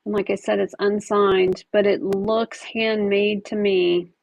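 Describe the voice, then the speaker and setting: Speaking at a measured pace with a flat delivery, an online jewelry seller hosts a live auction in a mid-range, gravelly voice edged with fry and a darkish tone. She chats casually while handling and describing each item. The audio is dry, close, and dull, with no room echo.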